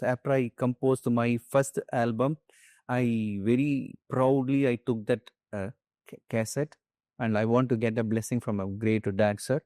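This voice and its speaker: A man's voice: medium pitch, a little mellow, no room sound. A middle-aged Indian man, a dance composer and guru, speaking earnestly in Indian English and telling his stories with frequent restarts. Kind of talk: conversational interview.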